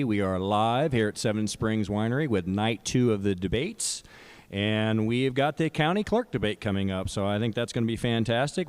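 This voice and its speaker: A man hosting a live broadcast debate, talking in a relaxed, loose way with many uh fillers. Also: mid-range voice, clean tone. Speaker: host. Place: winery event space.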